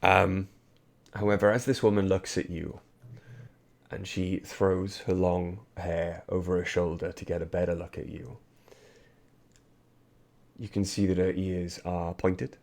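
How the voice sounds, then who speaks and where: A man's voice: low-pitched, level tone, unhurried, gravelly, pauses often. A man running a tabletop fantasy game, narrating scenes and voicing characters with loose, rambling asides. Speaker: game master.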